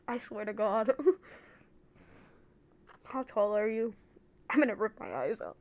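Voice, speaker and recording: A woman's voice: on the high side, sing-song, takes it slowly, long pauses, muffled recording. A woman streamer chatting casually from her room, laughing often, swearing freely and exaggerating for effect. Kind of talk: casual live-stream chat.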